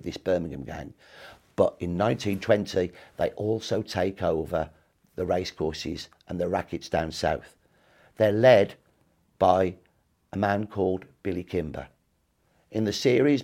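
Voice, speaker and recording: A man's voice: sits low, warm tone. A man in his sixties, a historian guest telling history in emphatic, punchy short clauses during an interview.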